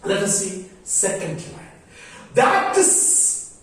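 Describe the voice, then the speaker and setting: A man teaching a poetry lesson on meter, sounding out syllables slowly and deliberately. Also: on the high side, lively intonation. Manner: slow, deliberate, drawn-out syllables. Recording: echoey room, voice from far off.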